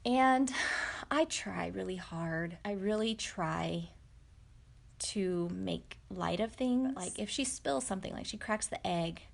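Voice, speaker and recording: A woman's voice: medium pitch, slow, gravelly. A woman, telling a personal story to camera in a candid, reflective, chatty way with many fillers. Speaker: vlogger.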